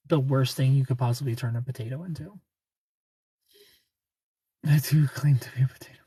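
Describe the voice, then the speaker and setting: Husky, playful livestream host. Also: male voice, medium pitch, mellow, no room sound. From Ohio. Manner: playful, laughs often, greets viewers by name. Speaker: live stream host. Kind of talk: casual live stream chat.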